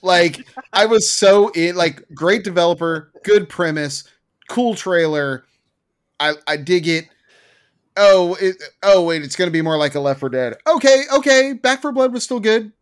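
A man's voice: sits high, animated, measured pace, clear, resonant tone. A man co-hosting a gaming podcast, ranting with profane sarcasm at his desk mic. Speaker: podcast co-host. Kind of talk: casual chat, ranting.

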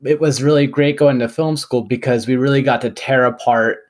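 A man's voice: medium pitch, fairly even intonation, normal speed. A young man co-hosting a podcast, thinking aloud about a film with frequent uhs and restarts. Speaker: podcast co-host. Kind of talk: casual film discussion.

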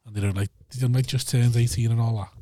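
A man's voice: medium pitch, fairly even intonation, quick pace, dark tone, slight background noise. A man in his thirties hosting a podcast, telling rowdy stories in casual chat and swearing freely. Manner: swears a lot, tells stories acting out others' lines. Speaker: podcast host.

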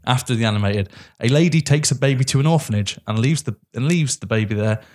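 A man's voice: mid-range voice, quick pace. Dry-humoured man recapping a film. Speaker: podcast co-host. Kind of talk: casual film review chat, reading notes.

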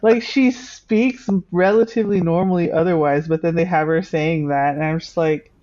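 A podcast co-host chatting casually at a middling pitch. The speaker talks hesitantly, restarting sentences and slipping in quick agreements. The sound is dull and lo-fi. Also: steady tone, warm tone. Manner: conversational, hesitant, with frequent restarts and agreeing interjections. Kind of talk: casual chat. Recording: dull lo-fi recording.

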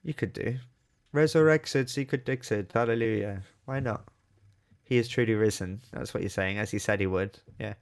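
A man co-hosting a podcast in casual chat, playful and animated, acting out quotes as he talks. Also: fairly low pitch, moderate pace, gravelly. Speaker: podcast co-host.

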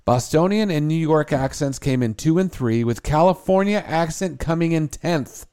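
A man's voice: fairly high pitch, animated, normal speed, a little mellow, smooth. A man co-hosting a casual morning talk show, reading out survey results and joking between items. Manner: reads survey results aloud with jokes. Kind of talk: casual chat.

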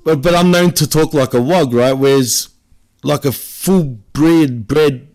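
A man's voice: a little high, unhurried, darkish tone. A man with an Australian accent, co-hosting a casual wrestling podcast, chatting and laughing a lot. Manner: laughs often, tags lines with "right?". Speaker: podcast co-host. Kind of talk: casual wrestling recap chat.

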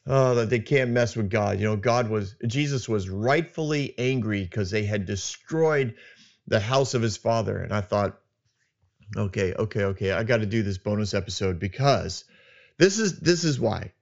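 Guy doing his own podcast, gets loud and emphatic, kinda muffled lo-fi sound. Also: on the low side, moderate pace, gravelly. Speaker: podcast host. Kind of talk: solo podcast monologue. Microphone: studio microphone.

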